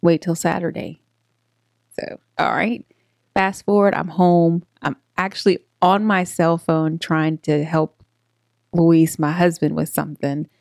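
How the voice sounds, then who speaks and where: A woman co-hosting a podcast, telling a story in a lively way with frequent laughter and acted-out quotes. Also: deep voice, unhurried, gravelly, no room sound, clean studio sound. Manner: animated, laughing, acts out quotes. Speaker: podcast co-host. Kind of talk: casual storytelling chat.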